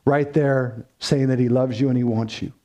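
Pastor, male, middle-aged, warm and mellow tone, earnest pleading sermon delivery. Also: mid-range voice, steady tone, normal speed.

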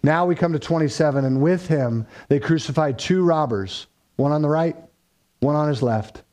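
A man preaching a verse-by-verse sermon, rising in pitch and volume for emphasis and dropping low and quiet for solemn points. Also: moderate pace. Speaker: pastor. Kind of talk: expository sermon.

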